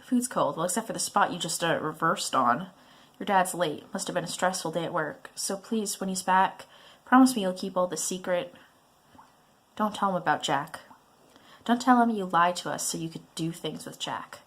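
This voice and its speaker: A woman's voice: fairly low pitch, moderate pace, fairly bright tone. A woman voicing a controlling, prying middle-aged mother in a browser game, nagging and guilt-tripping. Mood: reproachful.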